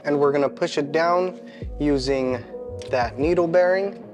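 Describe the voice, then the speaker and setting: A man's voice: a little high, measured pace, music in the background. A man narrating a step-by-step repair in a casual, chatty way while he works, often poking fun at himself. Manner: chatty, self-deprecating, talks to himself mid-task. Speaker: home mechanic channel host.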